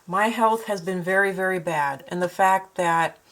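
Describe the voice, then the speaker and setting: Painting indoors at home, this vlogger and artist chats to her own self-placed camera in a meandering way, with lots of fillers and false starts and a northern Minnesotan accent. She speaks at a fairly low pitch and moderate pace, the tone a bit bright, though the audio is poor.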